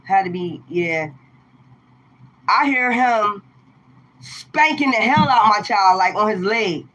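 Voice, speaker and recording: A woman tarot reader with a medium-pitched voice shares a personal story with her viewers, speaking casually, emphatically, and with lots of animation. The audio quality is poor.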